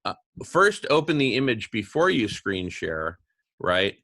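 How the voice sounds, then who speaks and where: Bright-voiced male host, patient instructions. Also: fairly low pitch, big pitch swings, measured pace. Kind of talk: casual video-call chat. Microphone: video call.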